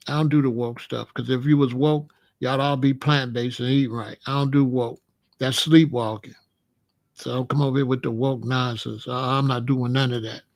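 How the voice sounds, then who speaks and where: A man with a mid-range voice and noticeable vocal fry hosts a livestream, preaching at his chat in a lecturing tone and repeating the same lines.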